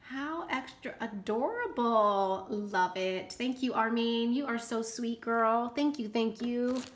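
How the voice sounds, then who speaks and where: Gushing excitable woman unboxing gifts. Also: fairly high pitch, takes it slowly. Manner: gushing, excitable, squeals and gasps. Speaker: craft vlogger. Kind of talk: unboxing vlog.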